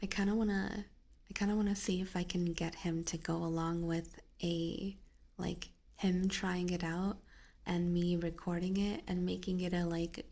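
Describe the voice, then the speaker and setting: A young woman streaming ASMR on a binaural microphone, chatting in a soft whisper, rambling and giggling often. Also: lowish voice, level tone, moderate pace, vocal fry. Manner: giggly, rambling with many fillers. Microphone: binaural ear microphone.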